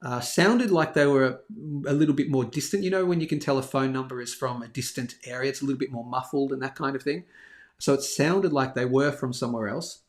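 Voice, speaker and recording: A man's voice: medium pitch, a little fast. A man hosts a casual live stream and rambles through a story about himself. He keeps mocking his own mistakes as he goes, in loose, conversational chat. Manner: chatty, self-deprecating, rambling storyteller. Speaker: host of a daily live bullion show. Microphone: live stream over a phone hotspot.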